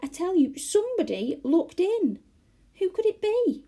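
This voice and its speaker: A woman's voice: extremely high pitch, sing-song, unhurried, mellow, pitched above the performer's own voice, heavily acted. Goldilocks, a woman voicing an eager young girl. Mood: insistent. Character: earnest young storybook girl.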